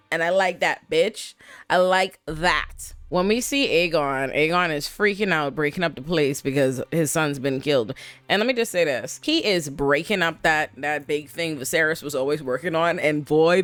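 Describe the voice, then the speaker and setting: A woman hosting a casual TV episode breakdown, animated and profane, laughing often and talking back at the characters. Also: lowish voice, moderate pace, dry recording, faint music behind. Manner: sassy, talks back at characters. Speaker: TV recap host.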